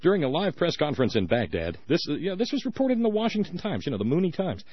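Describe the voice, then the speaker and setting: A man's voice: fairly high pitch, very animated, fast talker, breathy edge, dry recording, dull audio. A man hosting a political call-in radio show, ranting in a sarcastic, mocking way. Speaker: radio talk show host.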